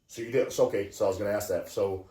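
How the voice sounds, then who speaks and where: A man around forty hosting a casual chat, telling stories in a profane, excitable, ranting way. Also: fairly low pitch, very fast. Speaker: podcast host. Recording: roomy echo.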